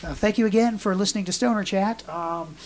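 A man's voice: sits high, brisk, slight background noise. A man co-hosting a casual podcast, telling rambling stories in a loose, chatty way. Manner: rambling storyteller, acts out quotes in mock voices. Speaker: podcast co-host.

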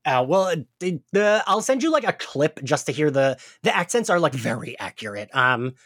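This animated woman speaks with a South Jersey, Philadelphia-area accent, her pitch leaping up and down as she acts out quotes and laughs between thoughts. She is co-hosting a casual podcast chat in a dry, close-sounding space. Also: normal speed, dry recording. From New Jersey, near Philadelphia. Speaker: podcast co-host.

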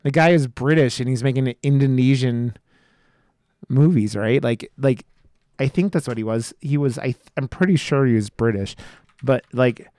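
A man co-hosting a podcast, chatting casually about a film in a rambling, profane, excitable way. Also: mid-range voice, moderate pace, no echo, studio quality. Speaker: podcast co-host. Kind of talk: casual film review chat.

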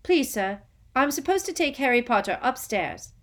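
An eager schoolboy pipes up in a squeaky, breathless rush, pitched far above an ordinary speaking voice. He sounds keen and anxious to please. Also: very animated, moderate pace. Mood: pleading. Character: eager excitable schoolboy fan. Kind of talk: audiobook character voice.

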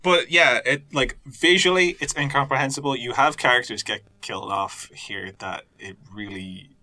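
A man's voice: mid-range voice, moderate pace, pushed and bright, a little hiss or hum. A man on a film review panel, blunt and sweary, often restarting sentences. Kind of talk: casual film review chat.

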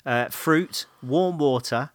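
A man's voice: mid-range voice, takes it slowly, no room sound, clean studio sound. A man co-hosting a podcast in casual chat, telling playful, giggly stories. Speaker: podcast co-host.

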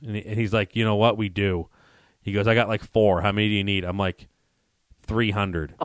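A man co-hosting a casual chat, telling a story with quick laughs and acting out both sides of a phone call. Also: lowish voice, dry recording, clean studio sound. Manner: animated storyteller who acts out both sides of phone calls, laughing as he goes. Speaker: podcast co-host.

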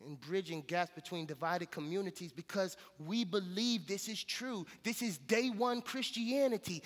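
A male pastor preaching a sermon in a relaxed, conversational, storytelling way, with casual slang. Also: high voice, in a large hall. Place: church sanctuary.

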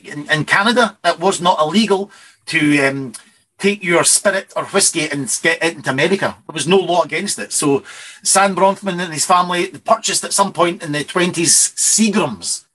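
Bright-voiced rambling male whisky host. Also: on the high side, normal speed, rough recording. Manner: rambling, self-correcting storyteller. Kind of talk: casual radio chat.

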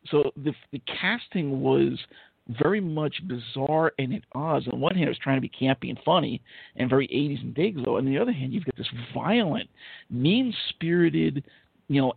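A blunt, sarcastic man rambles through a film review, swearing freely and leaning on fillers. His voice is gravelly and husky, and it comes through a dry, tinny, phone-like line. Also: on the high side, lively intonation, moderate pace, dry recording. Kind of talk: casual opinionated film-review chat.

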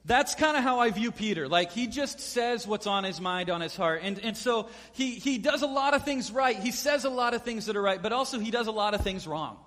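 Animated high-voiced preacher in a hall. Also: male voice, fairly quick, few pauses. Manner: animated storyteller acting out quotes. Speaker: pastor. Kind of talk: sermon.

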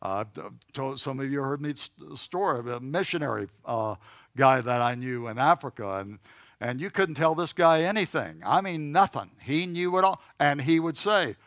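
A man teaching a Bible class in a church room, speaking in an easy conversational way and often checking in with his listeners. His voice sits at an ordinary middle pitch. The sound is dry, with no room echo. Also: animated, moderate pace, a bit bright.

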